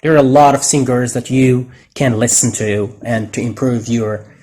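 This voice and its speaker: A man teaching English pronunciation in a deliberate way, with Arabic as his first language, exaggerating stressed words as he models them. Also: medium pitch, flat delivery, mellow, a little hiss or hum. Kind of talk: pronunciation lesson.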